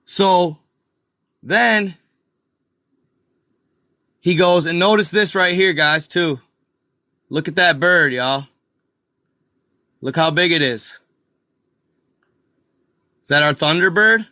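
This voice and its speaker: A man's voice: on the high side, takes it slowly, long pauses, pushed and bright, no echo, studio quality. A man hosting a live stream, rambling casually over a map, calling his viewers y'all and muttering exasperated asides to himself. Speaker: channel host.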